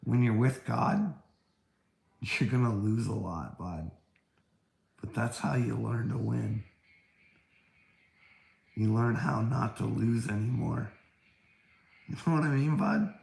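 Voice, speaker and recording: A man's voice: medium pitch, takes it slowly, vocal fry, pauses often, darkish tone, roomy sound. A man in a rambling livestream rant, taunting and preachy, swearing often and laughing between lines. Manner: taunting, calls listener "bud", frequent laughter; profane, preachy.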